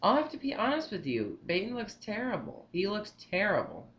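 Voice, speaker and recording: A young man giving his movie opinions in a casual vlog, rambling and excitable, repeating himself often. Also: high voice, normal speed, muffled recording, a little hiss or hum. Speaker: vlogger.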